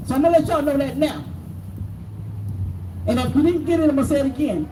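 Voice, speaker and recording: A woman's voice: sits high, fast, pauses often. A middle-aged bereaved mother giving a raw, angry speech to a crowd at an outdoor protest. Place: outdoors at a protest by city hall. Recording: distant echoey noisy outdoor recording.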